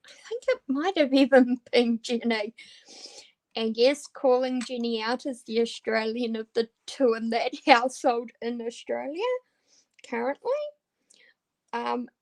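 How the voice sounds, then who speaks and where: Her voice sits fairly high yet has a darkish tone, steady and a little slow. She's crafting and chatting casually with viewers about diamond painting, stumbling through answers with ums and restarts.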